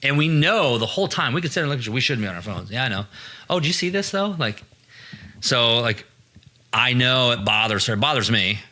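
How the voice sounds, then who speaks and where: A man's voice: mid-range voice, fairly quick, sharp tone. A man in his thirties hosting a podcast in casual chat, rambling through stories and swearing freely. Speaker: podcast host.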